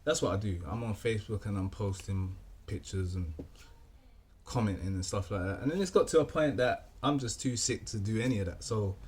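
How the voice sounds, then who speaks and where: A man's voice: lowish voice, brisk, darkish tone, slightly rough. A young man telling a rambling, casual story, often repeating himself and saying "you know what I mean.". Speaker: vlogger.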